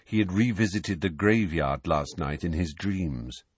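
Audiobook narrator: a man with a low, husky voice and lively delivery. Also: measured pace, no echo. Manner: expressive storytelling. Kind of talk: scripted narration.

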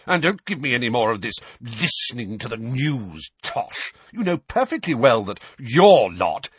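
A man's voice: mid-range voice, sing-song, unhurried, slightly rough, no room sound, pitched above the performer's own voice, heavily acted. A man reading aloud and voicing a blustering, bullying middle-aged uncle who snarls in a strained, raised voice.

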